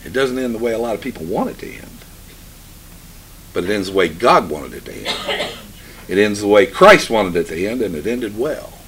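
A man preaching a sermon, reading scripture slowly and solemnly, then explaining it with emphatic swells in his voice. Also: lowish voice, sing-song, a bit bright, a little hiss or hum.

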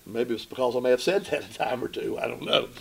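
A man preaching a sermon, emphatic, asking the congregation rhetorical questions and slowing down to read scripture. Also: medium pitch, animated, gravelly, a bit bright, slightly rough.

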